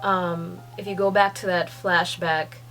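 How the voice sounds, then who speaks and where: A young woman reading a manga chapter aloud and reacting with gushing excitement, swearing and laughing often. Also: fairly low pitch, a little slow, faint music behind. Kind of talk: excited read-along reaction.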